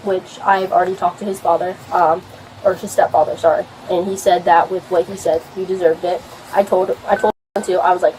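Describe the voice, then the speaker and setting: A woman's voice: lowish voice, flat delivery, brisk, darkish tone, slight background noise, rough recording. A young woman giving a statement to police about an argument, rambling and swearing with many fillers, recorded on a body camera at a home. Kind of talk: recounting an argument to an officer.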